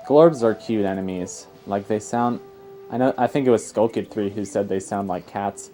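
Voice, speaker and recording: Rambling young man with a mellow voice. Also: on the low side, normal speed. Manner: rambling and chatty, full of fillers and tangents. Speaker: let's player. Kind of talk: casual gameplay commentary. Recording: game music faintly behind. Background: faint game music.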